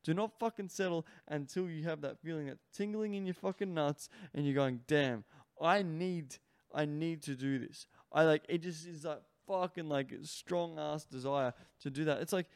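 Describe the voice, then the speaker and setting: A man's voice: fairly high pitch, moderate pace, few pauses, darkish tone, dry recording, clean studio sound. A man hosting his own podcast as a sex coach, talking in an emphatic, profane way and filling his speech with "like". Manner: profane, emphatic, heavy use of "like" fillers. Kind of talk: solo podcast monologue.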